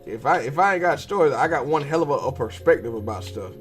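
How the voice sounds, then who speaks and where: A young man hosting a podcast, telling profane and animated stories in a casual monologue while he draws. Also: a little high, fast talker, soft background music. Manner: profane, animated storytelling with slangy cussing. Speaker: podcast host.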